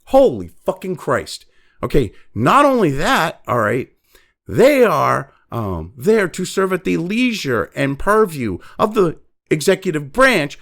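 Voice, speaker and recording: A man's voice: fairly high pitch, huge pitch swings, slow pace, creaky, a bit bright. A man hosting political commentary, ranting angrily with constant profanity and mockery. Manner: angry, profane, mocking.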